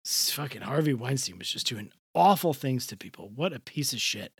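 A man's voice: medium pitch, big pitch swings, fairly quick, husky, no room sound. A man co-hosting a podcast in casual, jokey chat, swearing often. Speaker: podcast co-host.

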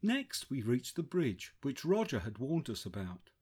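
A man narrating a first-person travel memoir in a measured, descriptive way. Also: medium pitch, huge pitch swings, a little mellow, husky. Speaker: audiobook narrator.

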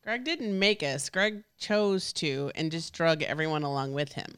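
Dry, teasing woman, smooth low voice. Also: measured pace, a bit bright. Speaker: podcast co-host. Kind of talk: casual chat.

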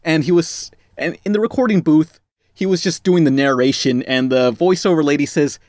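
A man's voice: fairly high pitch, normal speed, darkish tone, dry recording, clean studio sound. A man casually chatting about movies on a podcast, joking and rambling with fillers. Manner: jokey, rambling, trails off with fillers.

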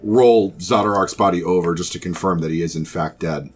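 A man narrating as game master of a tabletop game, measured, with frequent ums. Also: low voice, faint music behind.

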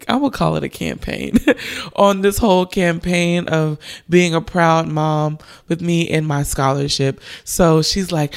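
Young woman doing a faith podcast, gravelly voice, earnest and encouraging. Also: sits low. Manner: earnest, encouraging, with laughs and slow emphasis. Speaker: podcast host. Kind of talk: devotional podcast talk.

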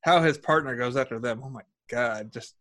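A man's voice: mid-range voice, moderate pace, a bit bright. A man co-hosting a casual film review chat, reflective and a bit hesitant, often repeating words. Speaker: podcast co-host.

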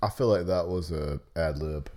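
Co-host, male, low mellow voice, crude sarcastic banter, lively inflection. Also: moderate pace. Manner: crude, sarcastic, laughs often. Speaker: podcast co-host. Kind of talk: casual movie-watching banter.

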